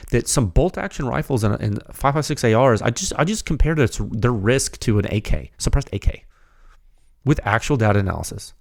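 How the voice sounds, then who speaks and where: A man hosting a technical podcast, talking in an emphatic, animated way and often calling listeners dude. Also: medium pitch, fairly quick, vocal fry, no room sound, clean studio sound. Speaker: podcast host. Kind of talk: excited technical podcast talk.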